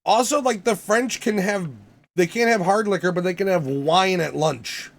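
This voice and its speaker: Male podcast co-host, opinionated ranter, slightly high voice. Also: moderate pace, gravelly. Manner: ranting, profane, emphatic. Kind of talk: casual opinionated chat.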